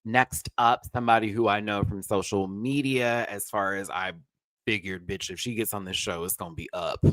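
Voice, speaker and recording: A man's voice: lowish voice, fairly even intonation, moderate pace, fairly bright tone, no echo. A man hosting a live review show, giving sassy, playful commentary full of slang. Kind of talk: animated commentary on a reality show.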